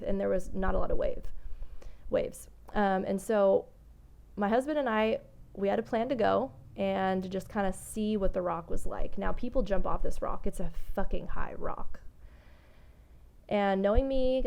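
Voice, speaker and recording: This young woman hosts a podcast, recounting a personal story in a candid, rambling monologue and swearing freely. Her voice is medium in pitch, creaky, and dark in tone.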